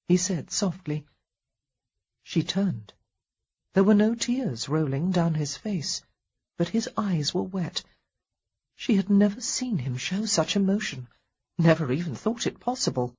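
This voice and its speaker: A woman narrates a historical romance audiobook in a soft, measured way, her voice very breathy and husky. She reads at a slow, unhurried pace, and the recording sounds somewhat dull. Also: lowish voice. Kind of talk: scripted narration.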